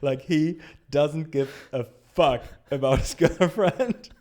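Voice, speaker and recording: A man hosting a casual chat, rambling and halting with frequent restarts and laughing often. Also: on the high side, a little mellow. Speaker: show host.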